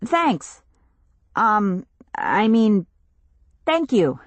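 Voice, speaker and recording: A woman's voice: mid-range voice, sing-song, extremely slow, dry recording. A woman voicing an awkward sixteen-year-old girl who answers in casual, hesitant bits, in an audiobook. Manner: hesitant, casual replies with fillers.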